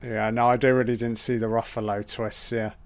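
Young male commentator, middle pitch, loose and profane, reacts out loud to every twist. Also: flat delivery, a little fast, no echo. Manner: swears a lot, exclaims in surprise. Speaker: film commentator.

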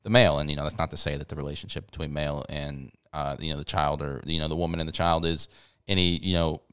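Deep-voiced rambling young dad. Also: male voice, steady tone, quick pace, fairly bright tone, clear, resonant tone, no echo, clean studio sound. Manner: rambling storyteller, swears freely, lots of fillers. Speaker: podcast co-host and father. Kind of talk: casual podcast chat.

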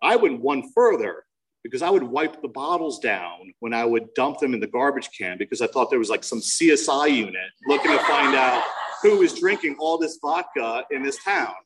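A man in his forties from New Jersey tells his own recovery story at a meeting. His voice sits at an ordinary pitch, and his delivery is frank and self-mocking with dry jokes. The mic picks him up from across a meeting room. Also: expressive, normal speed, a bit bright, far from the mic, rough recording. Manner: candid and self-mocking, with wry humor.

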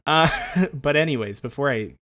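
A man's voice: on the high side, moderate pace. A man co-hosting a podcast in casual chat, laughing often and swearing freely as he rambles along. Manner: animated, rambling. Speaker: podcast co-host.

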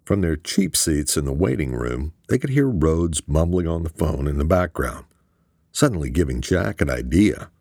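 A man narrating an audiobook in a steady storytelling manner. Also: rumbling low, moderate pace, vocal fry, dry recording, clean studio sound. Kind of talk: scripted narration.

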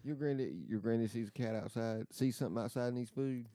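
A man's voice: mid-range voice, fairly even intonation, quick pace, dark tone, no room sound. A man in casual chat who halts and repeats words as he tells things.

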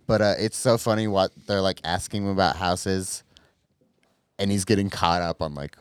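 Podcast co-host, man, lowish voice, dry close sound, fired-up and sweary. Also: moderate pace, clean tone, dry recording. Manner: excitable, swears a lot, rises sharply when worked up. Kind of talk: casual chat.

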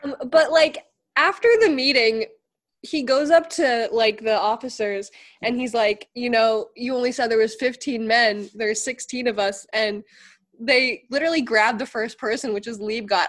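A woman's voice: on the high side, moderate pace. A woman in casual chat, retelling a TV episode with many fillers and swearing.

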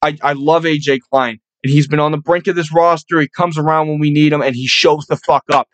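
Young guy sports podcast, swears nonstop, gets loud when hyped, dry close mic. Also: on the high side, steady tone, a little fast, dry recording, rough recording. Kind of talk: profane, excitable fan rant.

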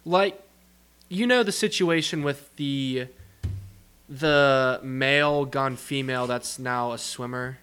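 A man's voice: medium pitch, slow, a bit bright, clean tone, faint music behind. Young man rambling in casual chat. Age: young adult. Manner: rambling, self-interrupting. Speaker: podcast co-host.

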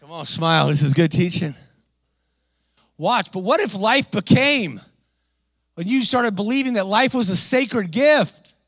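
A man preaching an energetic sermon, animated and exhorting, calling out to the congregation. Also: sits high, a little slow, long pauses, no echo. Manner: animated, exhorting, calls to the crowd.

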